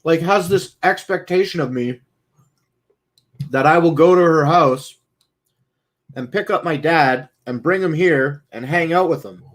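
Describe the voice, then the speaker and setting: A man streaming, talking casually in a blunt, profane, rambling way. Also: on the high side. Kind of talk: casual talk.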